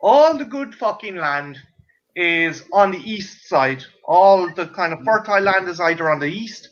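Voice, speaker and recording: A man with an Irish accent, talking in a casual chat, profane and animated as he tells stories. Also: sits high, measured pace. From Ireland. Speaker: co-host. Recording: dull lo-fi audio.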